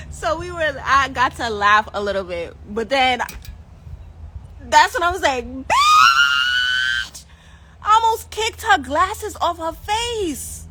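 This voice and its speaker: A woman vlogger telling a casual storytime, animated and slangy, laughing often. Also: sits high, unhurried, shouting, a little hiss or hum, rough recording.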